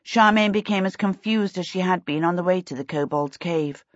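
A woman narrating a children's fantasy story with a steady, expressive reading. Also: on the low side, moderate pace, no echo. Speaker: audiobook narrator. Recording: dull lo-fi recording.

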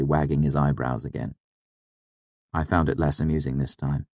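Brief: man, audiobook narrator, very low voice, dry studio sound. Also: fairly even intonation, moderate pace, creaky, a little mellow, no room sound. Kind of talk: scripted narration.

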